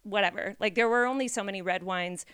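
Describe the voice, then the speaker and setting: A woman's voice: medium pitch, fast talker, a bit bright, clear, resonant tone, no echo, studio quality. A woman co-hosting a casual podcast, making wry jokes and laughing through her own stories. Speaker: podcast co-host. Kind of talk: casual chat.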